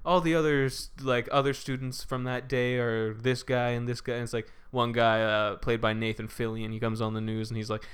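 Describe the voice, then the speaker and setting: A man's voice: mid-range voice, level tone, normal speed, hardly any pauses, clear, resonant tone. Man spinning a rambling story. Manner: rambling, acts out characters' lines, swears and laughs. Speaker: podcast co-host. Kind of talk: casual podcast storytelling.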